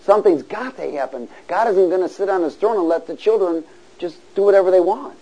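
A man's voice: high-pitched, fairly quick, lo-fi sound. Call-and-response preacher man. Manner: call-and-response, rising to loud exhortation. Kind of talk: sermon.

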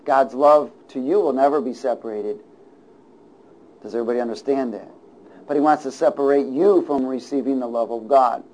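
A male pastor preaching a sermon, throwing call-and-response asides to his congregation and chuckling between points as he moves from hushed remarks to loud declarations. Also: medium pitch, normal speed, poor audio.

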